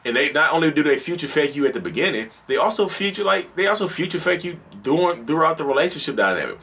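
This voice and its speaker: A man's voice: on the high side, very animated, fast, fairly bright tone, breathy edge. A man with a Southern accent hosting a solo podcast, talking casually and emphatically, often repeating and restarting his phrases. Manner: repetitive, emphatic, restarts sentences, acts out quoted lines. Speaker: podcast host.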